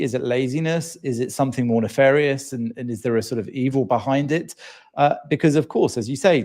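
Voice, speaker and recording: A man hosting an interview, asking measured, probing questions. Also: mid-range voice, mellow. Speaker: host, interviewer.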